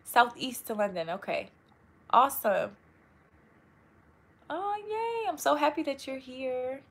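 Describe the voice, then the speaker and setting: A young woman hosts a laid-back live stream, chatting warmly with viewers, greeting them by name and saying "y'all." She sounds a little tired from long work weeks. Her voice is high and husky, very animated, yet slow.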